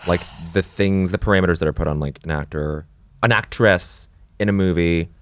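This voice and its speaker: Male podcast host, deep voice; halting and conversational, lots of restarts. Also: no room sound.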